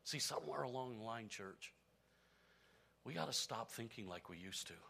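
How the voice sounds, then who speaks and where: A male preacher with a bright, forceful voice delivers a sermon built around a story. He drops to near whispers for tender moments and rises to loud, urgent lines when he drives the point home. His pitch sits in an ordinary middle range. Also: expressive, moderate pace, gravelly. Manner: storytelling preacher, swings from hushed to shouting. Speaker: pastor.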